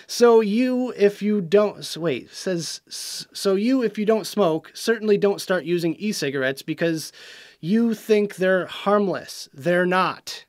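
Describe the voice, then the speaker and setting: A man's voice: high-pitched, no echo, clean studio sound. A young man hosting a vape show, ranting with frustration and sarcasm about a news report as he reads it aloud. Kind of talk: casual video commentary.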